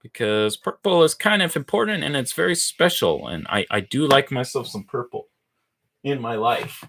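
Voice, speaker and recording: A man chatting casually on a livestream while he builds, playful and rambling, poking fun at himself as he thinks out loud. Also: medium pitch, big pitch swings, moderate pace, creaky. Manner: playful, rambling, self-mocking, thinks aloud. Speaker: livestreamer building brick models.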